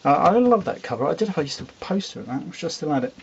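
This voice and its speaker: A man's voice: a little high, big pitch swings, racing, gravelly, lo-fi sound, slight background noise. Man rambling through a comic review. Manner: rambling, with fillers and asides. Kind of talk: casual video review.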